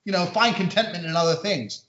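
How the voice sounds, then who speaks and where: A man talks as a podcast guest, telling stories at a rapid clip and acting out the people in them. His voice sits a little high. The audio is echoey and slightly muffled. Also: a bit bright. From American-British. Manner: rapid storyteller, acts out voices in anecdotes. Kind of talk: casual podcast conversation.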